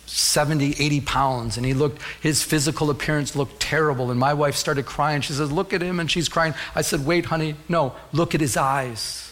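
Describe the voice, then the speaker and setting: A man's voice: medium pitch, a bit bright. A middle-aged man preaching a sermon as pastor, telling a personal story and rising to fervent calls to the congregation.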